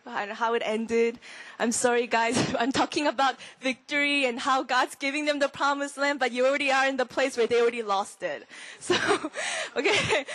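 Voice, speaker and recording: A young woman gives a Bible lesson in an easy, chatty way. Her voice sits high, and the sound is dry and close. She often acts out her own inner thoughts and whispers verses to show how to ponder them. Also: no echo, low-quality recording. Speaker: Bible teacher. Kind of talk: sermon-style teaching.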